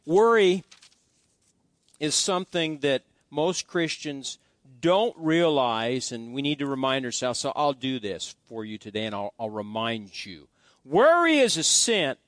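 A man's voice: medium pitch, animated, measured pace, a bit bright, no echo. A middle-aged male pastor preaching a sermon, telling folksy stories with many restarts and asides.

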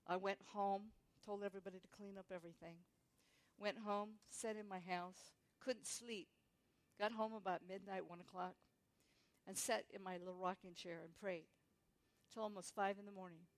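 A woman's voice: mid-range voice, steady tone, normal speed. A woman stands before a church congregation and shares her personal testimony. Her voice sits in a natural middle range. She slips into the voices of the people in her story as she tells it. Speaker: guest speaker giving testimony.

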